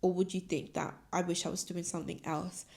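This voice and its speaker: A woman's voice: lowish voice, flat delivery, brisk, vocal fry, darkish tone. A young woman in her twenties hosting a solo podcast, chatting earnestly and emotionally with many "like"s. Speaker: podcast host. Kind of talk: casual solo podcast chat.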